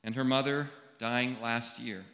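A man, a pastor, giving a funeral sermon in a slow, deliberate delivery with long pauses. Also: medium pitch, steady tone, sharp tone. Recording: echoey hall with long reverb.

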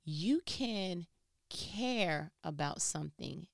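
A woman giving a casual motivational talk into her phone, telling stories animatedly and swinging from loud to hushed. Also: fairly low pitch, animated, extremely slow, vocal fry, no echo, clean studio sound. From New York.

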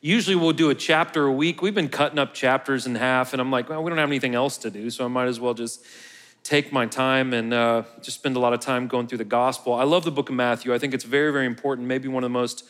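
In a large church hall, a man preaches a sermon as pastor of his own church, chatting casually with the congregation and joking as he goes. He has a mid-range, fairly bright voice, a steady tone and talks fast. The recording carries the hall's long reverb.

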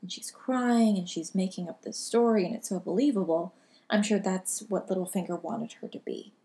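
A woman co-hosting a casual chat, thoughtful and measured, with the odd filler. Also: mid-range voice, mellow. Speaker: podcast co-host.

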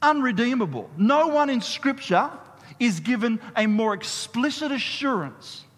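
A man preaching a sermon as a pastor, in a lively, conversational way, drawing the congregation into call-and-response. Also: extremely high pitch, unhurried. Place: church hall. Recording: long reverb of a church hall.

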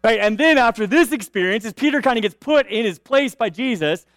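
A man with a high, smooth voice delivers a sermon in a chatty, conversational way. He keeps checking in with his listeners and restarts his phrases as he goes. The sound is close and dry. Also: animated, fairly quick, fairly bright tone, no room sound. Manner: conversational, frequent "right?" asides and restarts. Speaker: pastor.

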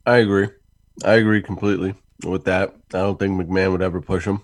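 Low-pitched man, laid-back co-host, talks things through at length. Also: little pitch movement, a little fast, no room sound. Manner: easygoing, explains points at length. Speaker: podcast co-host. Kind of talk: casual chat.

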